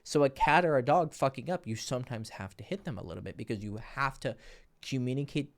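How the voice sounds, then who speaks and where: A man's voice: mid-range voice, brisk. A young man talking straight to camera as a dating coach, blunt and profane, asking "right?" after each point. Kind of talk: casual monologue to camera.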